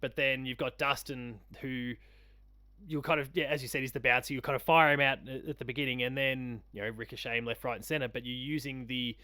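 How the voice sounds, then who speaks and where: A man's voice: medium pitch, steady tone, brisk, bright, forceful tone, no echo. A man co-hosting a casual game review chat, speaking in a chatty, joking way. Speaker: podcast co-host.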